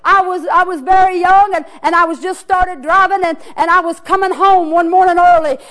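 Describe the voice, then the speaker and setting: A woman preaching a Pentecostal sermon in church, swinging from hollering to a hushed near-whisper. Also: extremely high pitch, steady tone, moderate pace. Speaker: pastor. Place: church sanctuary.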